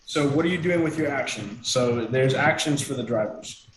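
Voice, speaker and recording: A man's voice: mid-range voice, moderate pace, reverberant, slight background noise, rough recording. A man running a tabletop game as game master, walking players through actions step by step.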